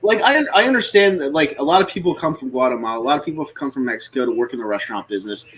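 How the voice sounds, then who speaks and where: A man's voice: mid-range voice, lively intonation, racing, fairly bright tone, breathy edge, low-quality recording. A man from the United States on a live stream, explaining his views in a lecturing way and often checking in with "all right?". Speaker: stream host. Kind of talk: casual political chat on a live stream.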